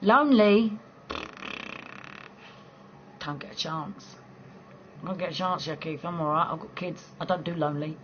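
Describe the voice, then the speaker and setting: A woman from southeast England with a local accent, chatting casually with viewers on a late-night live stream from home, blunt and quick to laugh. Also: lowish voice, muffled recording, slight background noise. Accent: southeast English. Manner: chatty, blunt, swears freely, laughs easily.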